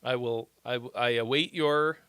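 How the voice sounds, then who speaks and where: A man's voice: mid-range voice, moderate pace, fairly bright tone, clear, resonant tone, dry recording, studio quality. A man hosting a casual livestream, reading chat and messages aloud, laughing often and muttering and swearing to himself. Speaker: livestream host giving song feedback.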